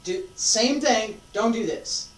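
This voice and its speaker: A martial arts instructor teaching a class, calling out breathing cues and checking in with casual "all right?" and "okay?" as they demonstrate. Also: medium pitch. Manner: calls out breathing cues slowly. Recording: roomy sound, distant from mic.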